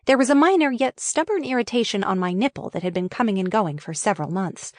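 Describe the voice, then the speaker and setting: A woman's voice: medium pitch, expressive, fast, no room sound. A woman reading her memoir as an audiobook, frank and wryly candid in delivery. Her voice sits in a middle register, recorded close on a studio mic in a dry, dead booth.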